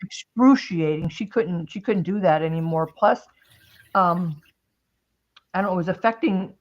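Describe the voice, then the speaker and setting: A woman's voice: fairly low pitch, moderate pace, lo-fi sound. A woman hosting a casual craft-and-chat stream, telling a long story in a rambling way with many restarts. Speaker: host.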